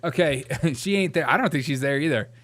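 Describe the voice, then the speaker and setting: Man from georgia reacting to clips, laughs a lot, lively swinging voice, talking while out on a walk. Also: fairly high pitch, fairly quick. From Georgia, USA. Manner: mocking, laughs often. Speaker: host. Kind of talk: reaction commentary.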